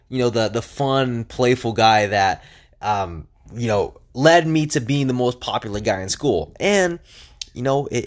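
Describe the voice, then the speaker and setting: A young man talking alone on his podcast in a casual, energetic and chatty way, with lots of fillers and restarts. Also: medium pitch. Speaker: podcast host. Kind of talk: casual solo podcast monologue.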